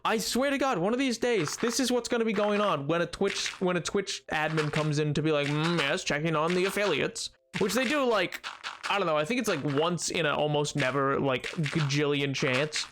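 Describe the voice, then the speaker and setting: A man's voice: fairly high pitch, moderate pace, background noise. A young man streaming a game, chatting casually with chat in a rambling, self-deprecating way with playful bits. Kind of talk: casual chat while gaming, reading chat aloud.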